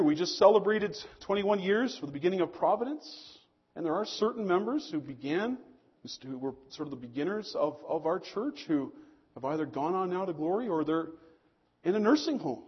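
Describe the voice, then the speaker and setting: Husky-voiced preacher man, lo-fi. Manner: preaching with rising and falling emphasis, dropping low on key lines. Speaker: pastor. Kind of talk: sermon.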